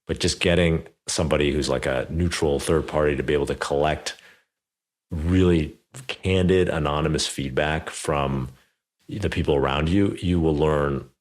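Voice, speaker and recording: A man's voice: a bass voice, normal speed. A man in his thirties hosting a podcast interview, telling a story in a chatty way full of fillers. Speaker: podcast host. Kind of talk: casual conversational interview.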